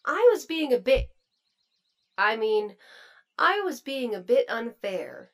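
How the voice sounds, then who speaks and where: An actress voicing a gentle, lightly teasing female robot. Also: a little high, sing-song, slow, gravelly, full character voice.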